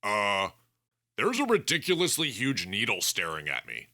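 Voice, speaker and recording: A man's voice: lowish voice, wildly swooping pitch, normal speed, pushed and bright, full character voice. A man voicing a wry young male captive who bluffs and jokes under threat. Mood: uneasy. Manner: sarcastic, bluffing.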